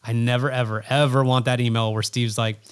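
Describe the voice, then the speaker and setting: A man speaking as a guest on a podcast, his voice sitting at an ordinary middle pitch. He talks in a casual, earnest way, reflecting as he goes and repeating words to drive a point home. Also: little pitch movement, fairly quick, clean tone. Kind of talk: casual interview talk.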